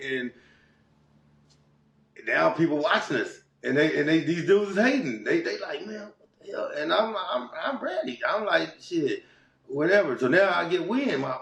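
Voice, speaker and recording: A man's voice: a little high, creaky, a bit bright. A middle-aged man from Los Angeles, a guest telling his story in a casual, streetwise way that rambles and restarts often. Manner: rambling, streetwise, many restarts and "you know what I'm saying". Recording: roomy echo.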